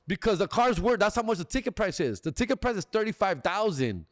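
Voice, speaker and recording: A man's voice: high-pitched, big pitch swings, no echo, studio quality. A man, a comedian telling a rambling story on his podcast, dropping Spanish slang and acting out the salesmen. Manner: mixes Spanish slang into English, acts out the salesmen in quick voices.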